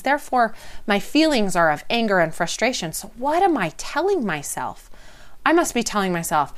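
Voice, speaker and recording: A woman's voice: medium pitch, fairly bright tone, clean tone. A woman teaching an informal lesson in a conversational way, explaining by example, checking in with the listener and often restarting her phrases. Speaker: wellness teacher.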